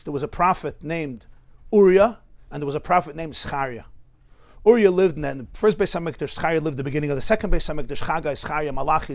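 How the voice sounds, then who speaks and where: A rabbi teaching a lecture-style class in a study hall, telling stories with asides and building to emphatic, impassioned peaks. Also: male voice, high voice. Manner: storytelling with asides to listeners.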